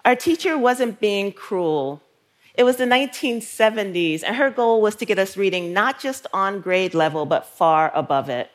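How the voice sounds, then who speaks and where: A woman in her fifties from New York, a writer giving a slow, measured storytelling talk on stage, with soft trailing phrases. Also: medium pitch, lively intonation. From Brooklyn, New York.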